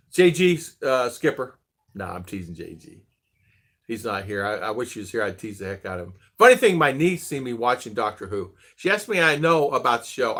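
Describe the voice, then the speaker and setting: A man's voice: medium pitch, pushed and bright. A middle-aged man hosting a casual livestream chat, greeting viewers by name in a chatty way. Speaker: livestream host.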